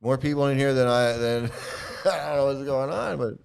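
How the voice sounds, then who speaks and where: A man's voice: mid-range voice, moderate pace, gravelly, clear, resonant tone. A man hosting a livestream, talking straight to his chat in a combative, repetitive way. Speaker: livestream host. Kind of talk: livestream commentary, answering chat.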